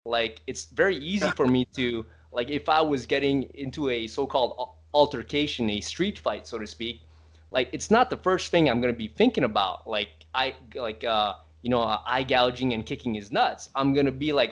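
A man's voice: medium pitch, normal speed. A man talking as a podcast guest about fighting, hesitant and full of fillers and restarts. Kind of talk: casual podcast conversation.

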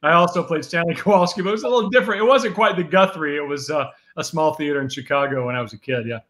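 A man's voice: fairly high pitch, quick pace, a bit bright. A male actor guest speaking in a casual chat over a video call, joking but earnest.

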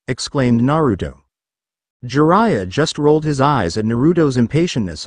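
A man narrating a fan fiction story aloud, plain and steady. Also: medium pitch, moderate pace, no room sound.

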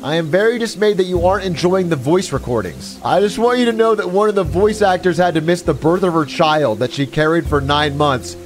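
A man's voice: sits high, a little fast, hardly any pauses, soft background music, natural voice. A man putting on the voice of a game developer who formally scolds and guilt-trips a streamer. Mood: mock indignant. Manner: mock-formal, guilt-tripping.

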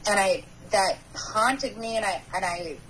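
A woman of ordinary pitch recounts her past in a halting, searching way, often pausing and starting her sentences over. She speaks as a guest on a recovery talk show. A faint hum of background noise sits under her voice. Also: fairly bright tone, low-quality recording. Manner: halting, with frequent restarts and pauses. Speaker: podcast guest sharing recovery story. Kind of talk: personal storytelling interview.

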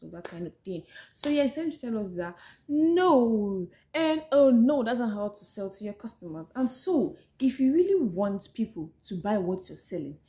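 A woman's voice: medium pitch, warm tone, echoey room. A woman with a Nigerian accent chatting casually to her viewers in a book-summary vlog, often saying "so yes" and talking to them directly. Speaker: vlogger.

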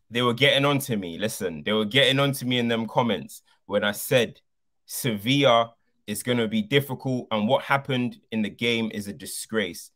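A man's voice: mid-range voice, normal speed, fairly bright tone. A man co-hosting a football podcast, arguing passionately and repeating his points for emphasis.

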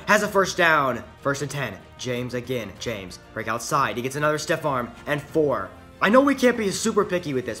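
Bright slightly high guy doing chatty gameplay commentary, faint music behind. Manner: chatty, upbeat play-by-play. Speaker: gaming YouTuber.

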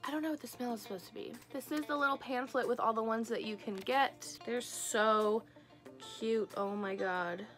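Bright, gushing young woman unboxing. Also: fairly high pitch, moderate pace, soft background music. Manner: gushing, excitable, lots of gasps and "so cute". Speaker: craft and squishy channel host. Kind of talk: casual unboxing vlog.

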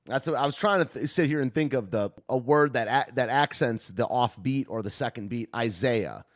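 A man's voice: mid-range voice, fairly quick. A man hosting a video, giving tentative, off-the-cuff commentary as he thinks aloud and reacts to a clip.

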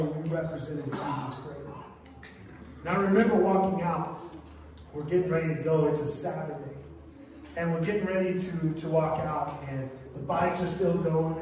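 A man's voice: on the high side, noisy background. A man preaching a sermon as a pastor, telling stories casually and often saying "man" and "right?". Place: church sanctuary. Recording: echoey church hall from far off.

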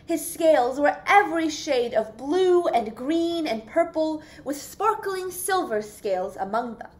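Young woman, high voice, slow, expressive children's story read-aloud. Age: young adult. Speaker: youth volunteer reading aloud.

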